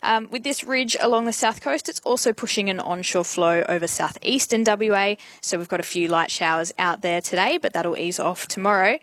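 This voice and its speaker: An Australian woman giving a steady, informative weather forecast on the radio. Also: mid-range voice, moderate pace, hardly any pauses, dry recording. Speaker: weather presenter.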